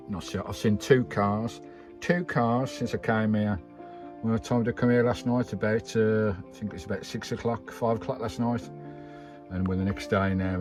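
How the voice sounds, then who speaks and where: A British man vlogging his vanlife travels, excited and out of breath after a climb, exclaiming often. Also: sits low, rough recording. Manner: exclamatory and enthusiastic, lots of "wow"; relaxed, rambling chat with fillers. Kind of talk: casual vlog commentary.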